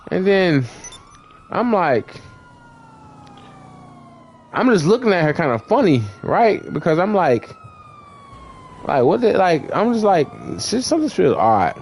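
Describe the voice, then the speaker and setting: A man's voice: sits high, big pitch swings, unhurried, pauses often, slight background noise. Rambling, profane young man telling a story. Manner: rambling, profane, full of "like" and restarts; acts out quoted lines, shouting and laughing. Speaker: gamer in voice chat. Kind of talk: casual storytelling in voice chat.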